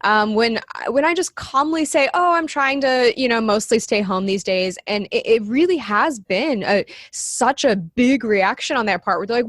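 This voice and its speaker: A woman on a podcast, talking in an easy, chatty way and laughing often. Her voice sits a bit high, and it sounds dry and close to the mic. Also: lively intonation, moderate pace, a bit bright, no room sound. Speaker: podcast guest. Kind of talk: casual interview chat.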